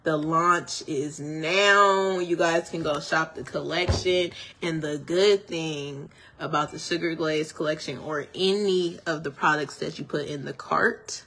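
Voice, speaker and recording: A woman's voice: low voice, steady tone, measured pace, few pauses, sharp tone, breathy edge. A woman hairstylist chatting casually to her viewers about her products, gushing and a little tongue-tied from her retainers. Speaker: hairstylist and small business owner. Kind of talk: casual product reveal vlog.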